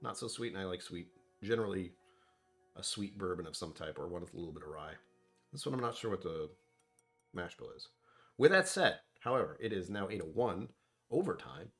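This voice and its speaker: A man with a lowish voice hosts a casual whiskey tasting. He rambles and thinks out loud, pokes fun at his own memory, and his pitch swings widely as he goes. Soft guitar music plays faintly behind him. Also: lively intonation, fairly quick. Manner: rambling, self-deprecating, thinks aloud. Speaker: whiskey reviewer.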